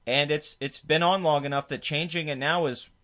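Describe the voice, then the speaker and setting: A man's voice: a little high, fairly even intonation, normal speed, bright, forceful tone. Man ranting in a dismissive commentary. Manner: emphatic and dismissive, with frequent restarts. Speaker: commentary video host. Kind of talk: opinionated commentary rant.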